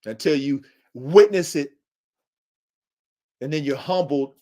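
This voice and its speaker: A man's voice: fairly high pitch, slow pace, dark tone. A man hosting a livestream podcast, lecturing his listeners in an emphatic, preachy way, repeating himself and using casual slang. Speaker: podcast host.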